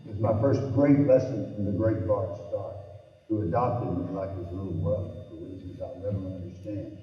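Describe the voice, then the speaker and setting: An older man with a Southern accent giving a motivational speech, telling stories with emphasis and dropping into quiet intensity. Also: sits low, steady tone, normal speed. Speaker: guest speaker. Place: large hall. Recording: echoey hall, distant, dull sound.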